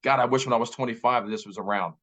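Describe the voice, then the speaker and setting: A man's voice: mid-range voice, rapid-fire, pushed and bright. A man in his fifties giving an emphatic motivational talk as a real estate director, repeating key phrases. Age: 50s. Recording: slightly muffled audio.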